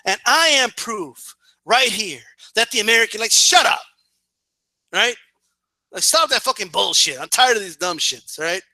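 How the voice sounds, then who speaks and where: A man's voice: high-pitched, expressive, normal speed, pushed and bright, dry recording. A man giving profane, emphatic political commentary in a casual rant, full of fillers and "right?" tags.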